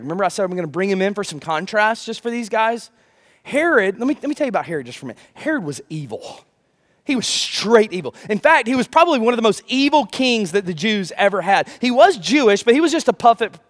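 A man preaching a sermon as pastor, animated, with rhetorical questions and humor. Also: high voice.

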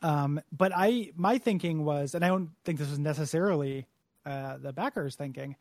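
A man's voice: a little high, moderate pace, darkish tone, dry recording, clean studio sound. An American man co-hosting a podcast in casual chat, full of goofy jokes and wordplay. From United States. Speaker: podcast co-host.

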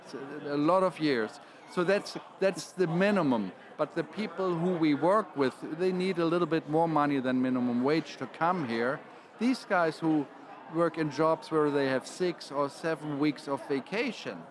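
Guy on a panel, kinda high voice, stops and restarts a lot. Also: background noise. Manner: halting, restarts phrases often. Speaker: guest. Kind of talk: panel discussion.

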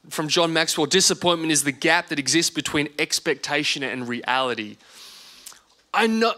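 A man's voice: high-pitched, sharp tone. A man in his thirties preaching a sermon as pastor, earnest and repeating words for emphasis.

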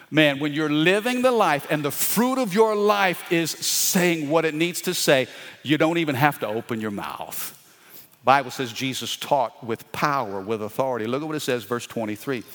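A man's voice: medium pitch, a bit bright. A male pastor preaching a sermon with call-and-response and folksy asides. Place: church sanctuary. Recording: long hall reverb.

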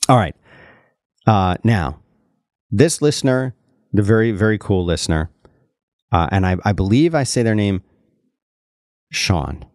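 A man hosting a podcast, chatting casually in an animated way and often restarting his sentences. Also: lowish voice, unhurried, pauses often, no room sound, clean studio sound. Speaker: podcast host.

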